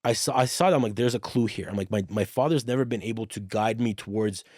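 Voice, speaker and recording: Animated storytelling man, dry close sound. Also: on the low side, fast talker, slightly rough, no echo. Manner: animated, swears freely, reenacts dialogue. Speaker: podcast guest. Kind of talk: casual storytelling conversation.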